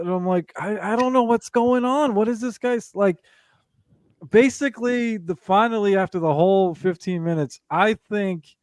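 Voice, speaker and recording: A man's voice: on the high side, darkish tone, no echo. A man with a slightly raised voice rambles through a profane story and breaks into laughter partway through his sentences. The sound is dry and close, with no room on it. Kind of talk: casual storytelling chat.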